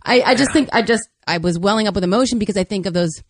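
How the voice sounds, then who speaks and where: A woman's voice: medium pitch, fast, no room sound, clean studio sound. A woman co-hosting a podcast conversation, listening attentively and asking reflective follow-up questions. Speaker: podcast co-host.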